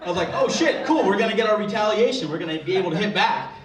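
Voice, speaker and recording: High-voiced man doing crude stand-up. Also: expressive, fast talker. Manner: crude, self-deprecating storytelling with frequent swearing. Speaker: stand-up comedian. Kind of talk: stand-up routine. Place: live comedy venue with audience. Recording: echoey room, distant mic, crowd laughter.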